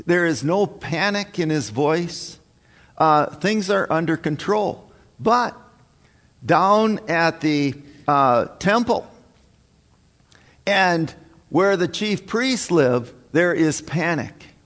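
Slow-talking preacher in a reverberant hall. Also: male voice, a little high, lively intonation, fairly bright tone. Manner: folksy, halting, with many restarts and fillers. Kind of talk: sermon with scripture reading.

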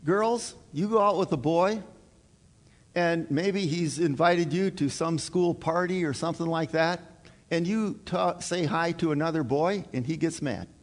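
A middle-aged man preaching a sermon in a folksy, halting way, full of fillers and repeated words. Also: a little high. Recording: reverberant hall.

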